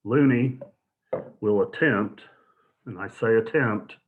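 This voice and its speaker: A man's voice: fairly low pitch, takes it slowly. A man hosting a casual online show, chatty and hesitant, with lots of ums and uhs. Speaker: show host. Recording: phone-like lo-fi audio.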